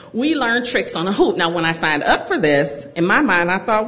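Animated woman telling a personal story. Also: mid-range voice, fairly quick, few pauses, muffled recording. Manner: animated, laughs through her own story. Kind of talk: personal story told to an audience.

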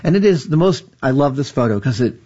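Husky-voiced male interviewer. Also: medium pitch, lively intonation, a little mellow, lo-fi sound. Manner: enthusiastic, halting with fillers. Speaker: interviewer, host. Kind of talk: conversational interview.

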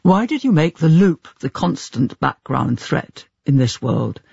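A man's voice: a little high, big pitch swings, a little slow, vocal fry, a little mellow, slightly rough, no echo, highs cut off. A male interviewer asking long, articulate questions about a book. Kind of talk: literary interview.

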